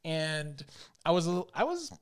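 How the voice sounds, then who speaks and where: A man's voice: on the high side, very animated, moderate pace, clear, resonant tone. A man co-hosting a casual money podcast, rambling and chuckling as he talks. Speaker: podcast co-host.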